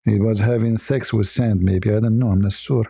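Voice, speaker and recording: A man's voice: on the low side, fairly even intonation, moderate pace, vocal fry, warm tone, slightly rough, no echo, clean studio sound. A man hosting a stream, speaking as an in a sarcastic, mocking commentary style. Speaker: livestream host.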